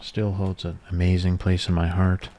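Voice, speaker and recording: A man, talking in a soft-spoken ASMR chat, rambling and casual as he reminisces. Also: low-pitched, monotone, normal speed, slight background noise. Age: 30s. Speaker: ASMR creator.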